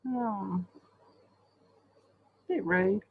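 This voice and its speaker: A woman's voice: mid-range voice, drawn-out words, slightly rough, narrow, tinny audio. A woman chatting casually while she colours, rambling along with lots of ums. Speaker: colouring channel host. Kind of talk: casual chat while colouring on a live stream.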